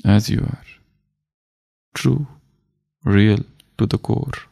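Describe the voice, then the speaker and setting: A man giving a spiritual discourse as a teacher, speaking slowly and deliberately and repeating his phrases. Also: fairly low pitch, steady tone, gravelly, warm tone.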